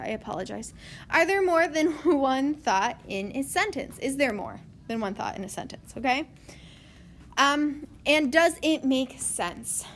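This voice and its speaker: A woman's voice: high voice, a bit bright, a little hiss or hum. A young woman teaching a writing lesson step by step, often checking in with "okay?".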